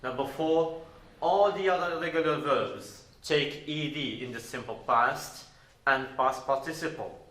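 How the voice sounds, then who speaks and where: A man from Morocco teaching an English grammar lesson deliberately, repeating words and spelling out verb endings. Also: mid-range voice, fairly bright tone. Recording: roomy echo.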